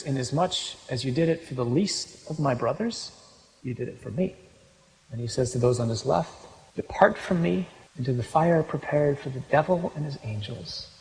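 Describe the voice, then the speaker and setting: A man preaching a sermon, reading scripture aloud and explaining it, moving between quiet reading and loud emphasis. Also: medium pitch. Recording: long reverb from a large hall.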